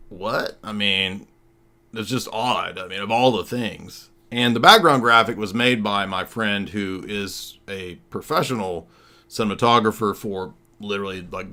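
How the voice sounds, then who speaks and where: A man's voice: low voice, bright, forceful tone. A man hosting a livestream as a comedian, talking casually in a sarcastic, mocking way with rambling asides.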